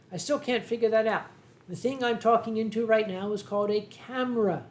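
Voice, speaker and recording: A man with a Philadelphia accent hosting a casual livestream from home, reading viewer comments in a dry, wry way and often clearing his throat. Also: sits high, brisk. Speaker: livestream host. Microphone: desk microphone.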